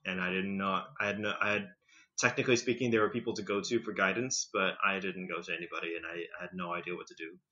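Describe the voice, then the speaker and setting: Bright man with a slight British tinge. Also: low-pitched, fairly even intonation. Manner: rambling, filler-heavy, quick to laugh. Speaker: podcast guest. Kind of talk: casual conversational storytelling. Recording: slightly muffled lo-fi recording.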